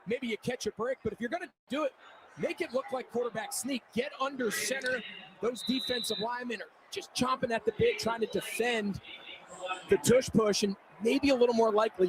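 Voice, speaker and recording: A man giving analytical color commentary on a football broadcast. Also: very high voice. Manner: explanatory, analytical. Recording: broadcast audio with background noise.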